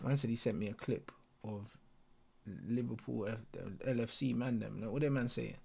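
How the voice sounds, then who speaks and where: A young man, reacting live to a football match as a streamer, excitable and full of slang. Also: mid-range voice, moderate pace, vocal fry, husky. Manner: excitable, slangy, repeating exclamations. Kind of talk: live watch-along reaction.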